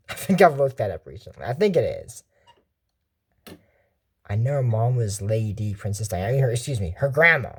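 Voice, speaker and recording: Rambling low-voiced woman with a lively pitch. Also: brisk, breathy edge. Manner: rambling, digressive, self-correcting. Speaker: channel host reviewing a cartoon. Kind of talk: casual episode commentary.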